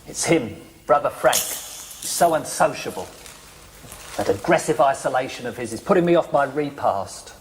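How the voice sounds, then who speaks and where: An actor playing a fussy, pompous monk who complains in a prissy way. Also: male voice, mid-range voice, lively intonation, moderate pace, natural voice. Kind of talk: sitcom acting. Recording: roomy hall with noise.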